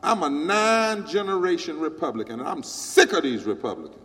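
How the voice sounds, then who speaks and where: A fed-up, outspoken older woman, as a preacher puts her on in a story, who declares every line loudly and emphatically. The voice rises and falls in lively swings and rings out with a long hall reverb. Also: a little high, fairly quick. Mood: indignant.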